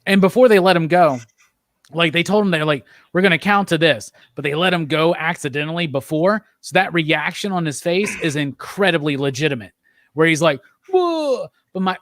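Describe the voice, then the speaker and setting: A man hosting a casual movie review chat, talking with animated enthusiasm and leading the discussion. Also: fairly high pitch, no room sound, clean studio sound. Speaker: podcast host.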